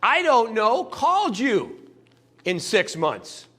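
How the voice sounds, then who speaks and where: Animated, bright-voiced male sales trainer. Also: high voice, slow pace. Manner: animated, acts out customers' voices in little scenes. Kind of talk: motivational sales talk.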